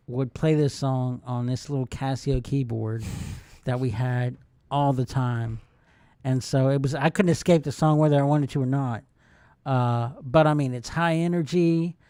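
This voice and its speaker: A man in his forties co-hosting a podcast, relaxed and anecdotal in casual chat. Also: mid-range voice, clean tone, dry recording. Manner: relaxed, anecdotal, hums tunes aloud. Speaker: podcast co-host.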